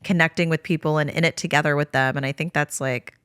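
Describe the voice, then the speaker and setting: Bright-voiced woman, chatty podcast co-host. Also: low-pitched, steady tone, fast, smooth, no echo, studio quality. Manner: rambling, many fillers like "like" and "you know". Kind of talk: casual chat.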